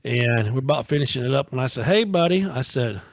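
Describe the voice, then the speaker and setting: A man casually telling prank phone stories on a podcast, often jumping into a high voice for his quotes. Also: fairly even intonation, fast, a little hiss or hum. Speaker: podcast co-host. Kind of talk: casual storytelling.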